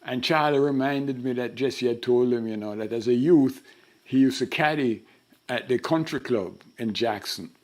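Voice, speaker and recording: An older man tells stories from his past in an interview. He is an animated storyteller who slips into the voices of the people he quotes. His voice sits in an ordinary middle register. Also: mid-range voice, moderate pace.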